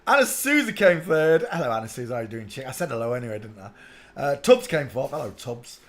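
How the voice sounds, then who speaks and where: A man's voice: medium pitch, sing-song, fast talker, fairly bright tone. Chatty northern English man hosting a stream. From England. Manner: chatty, hums and mutters while working. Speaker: livestream host. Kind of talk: casual livestream chat.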